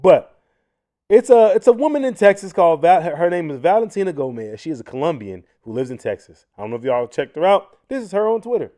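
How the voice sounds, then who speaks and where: Male livestream host, mellow tone, animated delivery full of restarts, chatty. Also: a little high, fast. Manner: animated, frequent restarts, addresses viewers as y'all. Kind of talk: casual commentary livestream.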